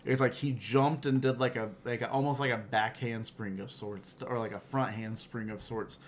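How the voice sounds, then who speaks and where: A man's voice: medium pitch, fairly even intonation, normal speed, slight background noise. A man co-hosting a casual podcast chat, steering the talk in a laid-back, agreeable way. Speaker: podcast co-host.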